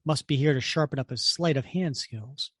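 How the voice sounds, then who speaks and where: Man reading as a scornful comic-book villainess, dry muttering, flat dry sound. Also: medium pitch, normal speed, no echo, close to an everyday voice. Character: scheming female villain, wry and scornful.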